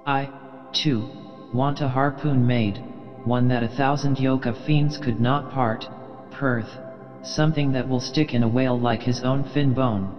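Man voicing an obsessed old sea captain, imperious, intense, slow and heavy delivery, long reverb. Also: medium pitch, steady tone, dull audio, faint music behind, natural voice. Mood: commanding. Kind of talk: audiobook reading.

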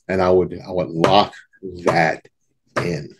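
A man's voice: deep voice, flat delivery, slow, background noise. A man teaching saxophone students in a casual, folksy talk to camera, often repeating himself and scatting rhythms aloud. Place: home studio in front of a backdrop.

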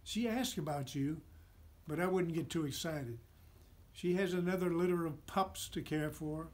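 Storybook giant eagle, kindly and chatty, put on by a man, high and loud. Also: moderate pace, close to an everyday voice.

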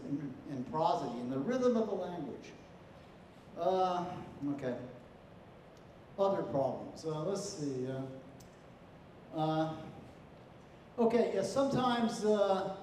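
Halting high-voiced man in an echoey hall. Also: a little mellow, slight background noise. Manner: halting, full of "you know" and "okay?". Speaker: contest judge. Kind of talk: spoken feedback to students. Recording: echoey hall, far from the mic.

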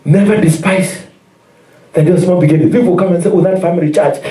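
Kenyan pastor preaching in an echoey hall. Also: male voice, high voice, fast, dark tone. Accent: Kenyan English. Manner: call-and-response preaching, repeats phrases, chuckles. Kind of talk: sermon. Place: church hall. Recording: roomy, distant church recording.

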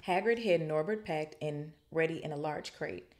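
A woman podcast host reading a novel aloud and breaking off for chatty, animated asides. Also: low voice, normal speed. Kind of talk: reading aloud with casual commentary.

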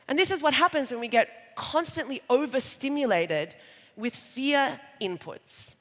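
A woman's voice: a little high, lively intonation, moderate pace, fairly bright tone. A woman with an Australian accent giving a conference keynote on stage, conversational and jokey, with playful asides to the audience. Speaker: conference speaker. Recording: live talk in a large reverberant hall.

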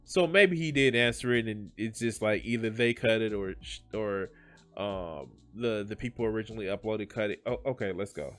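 A man's voice: lowish voice, moderate pace, fairly bright tone, faint music behind. A man reacting to a video as a streamer, rambling and swearing with lots of restarts and jokes. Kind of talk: reaction commentary.

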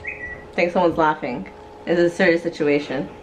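A woman's voice: low-pitched, normal speed, slight background noise. A young woman from New York filming a casual family vlog, teasing and laughing often as she talks to her kids and friends. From Queens, New York. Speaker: vlogger, mother.

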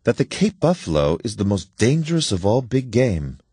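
A man's voice: on the low side, very animated, normal speed, dark tone, slightly rough, dry recording, studio quality, voice pushed up. A man voicing a plain-spoken grown male big-game hunter who asks brief, direct questions, in an audiobook story reading. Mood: curious.

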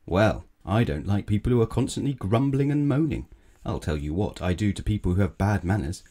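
A man's voice: fairly low pitch, animated, a little fast, dark tone. A man voicing a stern male wizard in a storybook reading, lecturing firmly and commanding. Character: stern male wizard who punishes bad manners. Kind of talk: storybook read-aloud.

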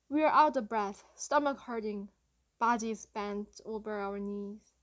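A woman reading a first-person story aloud as an audiobook narrator, retelling a chase in a lively, breathless way. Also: medium pitch, slow, dry recording.

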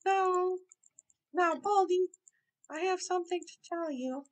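A woman's voice: very high voice, takes it slowly, voice pushed up. A woman voicing a mischievous male prankster who casts silly spells, speaking in a sugary, teasing, falsely innocent way.

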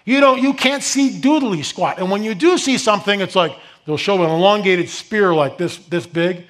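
A middle-aged man giving an animated lecture to a live audience, rambling with restarts and asides, rising to near-shouts on his rhetorical questions. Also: high voice, moderate pace. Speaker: speaker presenting a slide lecture.

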